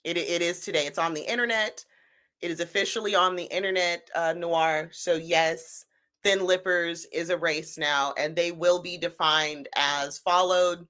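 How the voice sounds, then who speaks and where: A woman streamer with a low-set but bright, forward tone. She riffs sarcastically on the clips she plays and shifts between mock outrage and casual chat. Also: fairly even intonation, a little slow. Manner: sarcastic, mocking, laughing commentary. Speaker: stream host.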